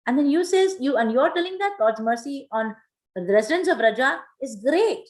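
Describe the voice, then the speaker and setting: A woman teaching a scripture class, retelling a story in an animated way with many fillers. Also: high-pitched, moderate pace, low-quality recording.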